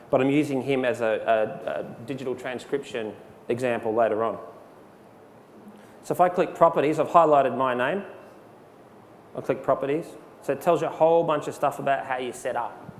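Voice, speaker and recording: A man giving a relaxed, conversational live software demonstration, with frequent fillers, speaking into a handheld mic. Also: mid-range voice. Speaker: presenter. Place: presentation hall. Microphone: handheld microphone. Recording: long hall reverb, faint background noise.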